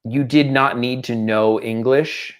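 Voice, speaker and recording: A middle-aged man chatting on a podcast with an average-pitched voice. He tells stories at length and wanders into tangents. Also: slow pace. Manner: animated storyteller, slips into mock accents. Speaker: podcast co-host. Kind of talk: casual chat.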